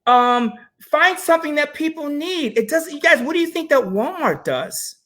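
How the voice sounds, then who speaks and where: A man co-hosting a casual panel talk, animated and addressing viewers directly as he tells stories. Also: very high voice, normal speed. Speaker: co-host.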